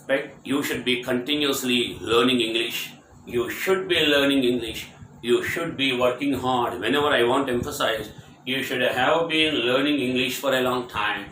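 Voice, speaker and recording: A man's voice: medium pitch, bright, forceful tone, a little hiss or hum. A man teaching English grammar, drilling short example sentences over and over with emphatic repetition. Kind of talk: grammar lecture. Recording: distant mic in an echoey room.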